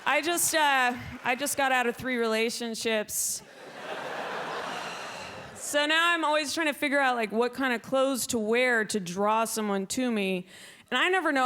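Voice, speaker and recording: High-voiced woman doing dry stand-up. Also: moderate pace, background noise. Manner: dry delivery that jumps into shrill, loud put-on voices. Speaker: stand-up comedian. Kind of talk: stand-up comedy set. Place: comedy club stage with a laughing audience.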